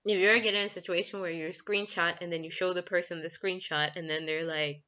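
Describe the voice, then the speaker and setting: Woman, relationship coach, casual frank vlog talk, bright forceful tone, lo-fi home recording. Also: fairly low pitch, steady tone, fast. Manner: chatty, frank, laughs often, breaks off to talk to her kids. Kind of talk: casual talking-head vlog.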